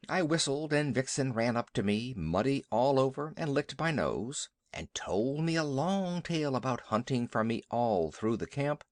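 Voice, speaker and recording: A man narrating a classic children's story in an expressive storytelling manner. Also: medium pitch, normal speed, few pauses, no echo. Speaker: audiobook narrator. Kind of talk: scripted audiobook narration.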